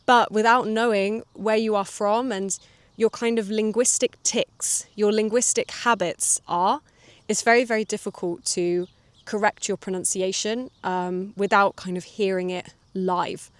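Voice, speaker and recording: A woman hosting a relaxed English-learning podcast, explaining things calmly and drawing out her vowels. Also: medium pitch, unhurried, dry recording. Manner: calm, explanatory, draws out vowels. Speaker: English teacher and podcast host.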